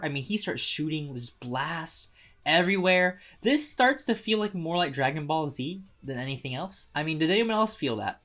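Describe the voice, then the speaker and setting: Excitable man reviewing an anime. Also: a little high, normal speed. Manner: excitable, laughs often, restarts sentences. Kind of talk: casual spoken review.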